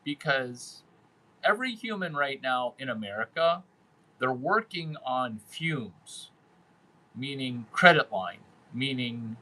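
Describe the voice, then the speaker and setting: A man's voice: medium pitch, expressive, slow pace, pushed and bright, poor audio. A man hosting a casual monologue, brash and crude, who repeats phrases for emphasis. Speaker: host giving dating and sales advice.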